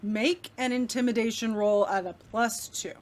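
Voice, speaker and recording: A woman running a tabletop game as game master, narrating the scene in a lively storytelling way. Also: on the high side, moderate pace, slight background noise.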